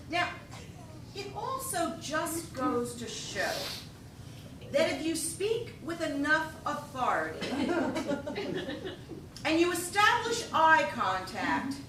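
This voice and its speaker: A woman telling a comic story on stage, animated and laughing often as she talks. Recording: echoey hall, voice from a distance, rumbling noise.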